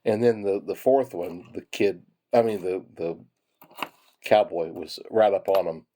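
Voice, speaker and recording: A man's voice: deep voice, a little slow, mellow, slight background noise. A man telling rambling, chuckling anecdotes while sorting pennies. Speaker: penny hoarding hobbyist. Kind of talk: casual storytelling while sorting coins.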